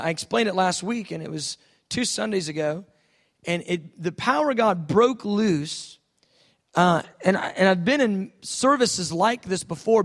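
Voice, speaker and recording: A male pastor preaching a sermon, telling stories with lively, animated delivery and acted-out voices. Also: high-pitched. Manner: animated storytelling, acting out voices, drops soft for quoted God.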